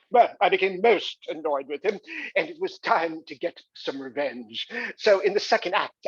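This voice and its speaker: A man plays a vain, rakish aging movie star who speaks in a put-on English accent, flippant and posh. The voice sits high and husky, and the recording is dry and a little dull. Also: dry recording, exaggerated voice. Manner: boozy, flippant, posh showman.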